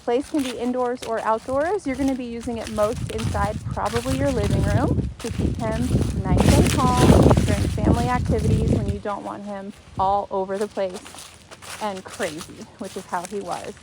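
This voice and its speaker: A woman dog trainer calmly explaining an outdoor training demonstration. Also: normal speed. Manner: calm explaining, then sharp high commands. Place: outdoors in a grassy field. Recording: loud outdoor noise.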